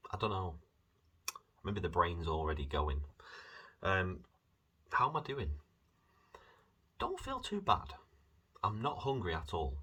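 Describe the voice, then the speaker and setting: A British man chatting in a rambling, self-mocking way in a casual video diary, dry-mouthed from fasting. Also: sits low, bright, forceful tone, slightly rough. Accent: British English. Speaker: vlogger.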